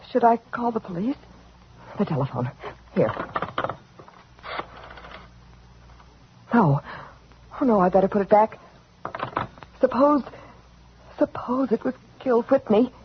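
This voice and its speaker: An actress playing a frightened heroine in a 1940s radio drama, breathy, anxious and pleading. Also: female voice, fairly high pitch, expressive, a little slow, long pauses, a little hiss or hum. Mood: panicked. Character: frightened woman heroine in panic. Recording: dull lo-fi vintage radio recording.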